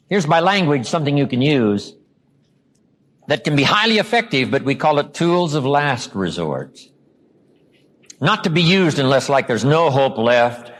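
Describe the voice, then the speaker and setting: Man, from the US, motivational speaker, husky, lively pitch, acts out quotes. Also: normal speed. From United States. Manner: animated, acts out quoted lines, drops low for emphasis. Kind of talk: motivational seminar talk.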